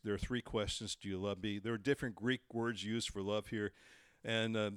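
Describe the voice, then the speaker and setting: A man preaching a sermon, telling the story with lively delivery and acting out the voices he quotes. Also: fairly low pitch, clean tone, no echo, studio quality. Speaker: pastor.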